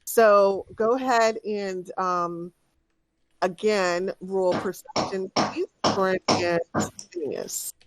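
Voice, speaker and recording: A woman's voice: medium pitch, slow pace, very noisy. A woman running a tabletop game as dungeon master, patiently guiding the players. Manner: patient, stops to direct players.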